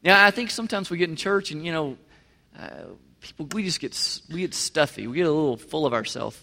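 A man's voice: fairly high pitch, lively intonation, brisk, gravelly, pushed and bright. A man preaching a sermon as pastor, talking in a conversational way, repeating words and acting out quotes. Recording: reverberant hall.

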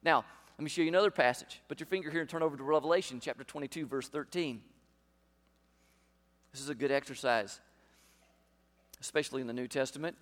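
Emphatic preacher with hall reverb. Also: male voice, a little high, fast, pauses often, a bit bright. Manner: emphatic, rhetorical questions to the congregation. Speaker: pastor. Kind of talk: sermon.

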